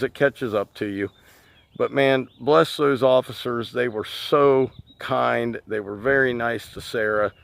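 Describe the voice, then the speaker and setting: Telling a story straight to his viewers, whom he calls guys, a lawn care business owner and channel host chats casually on camera in a creaky, mid-range voice.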